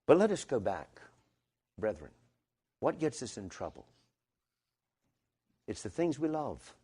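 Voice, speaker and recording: A man preaching a sermon to a congregation in a church, emphatic, moving from quiet reflection to loud declarations. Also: mid-range voice, sing-song, unhurried, breathy edge.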